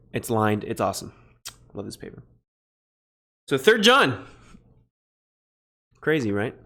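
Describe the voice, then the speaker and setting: A man streaming a Greek translation lesson, thinking aloud in a halting way and pausing while he writes notes. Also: medium pitch, a bit bright. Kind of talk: relaxed live-stream teaching.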